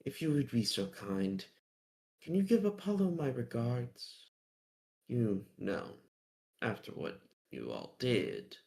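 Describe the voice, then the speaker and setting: A man voicing a sly, mysterious male keeper who speaks in a slow, breathy, riddling way. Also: mid-range voice, very animated, darkish tone, heavily acted. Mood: teasing.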